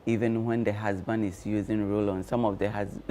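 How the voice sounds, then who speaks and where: A man speaking as a guest on a breakfast show, explaining care tips slowly and with many fillers. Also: fairly low pitch, little pitch movement, mellow, slight background noise. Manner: slow, measured explaining with frequent fillers. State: talking with cloves in his mouth. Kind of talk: explanatory studio talk.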